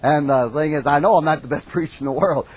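A man's voice: on the high side, fast, highs cut off. A middle-aged man preaching a folksy, emphatic sermon, calling out amens. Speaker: pastor.

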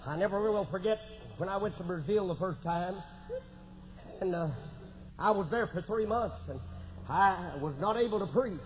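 A man preaching a testimony sermon in a folksy manner, breaking into shouted exclamations. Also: high-pitched, moderate pace, long pauses. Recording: dull lo-fi recording with faint noise.

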